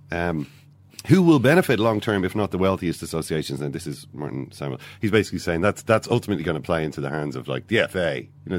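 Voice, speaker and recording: A man hosting a casual football discussion podcast, talking in a rambling way with many fillers and restarts. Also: extremely low pitch. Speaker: podcast host.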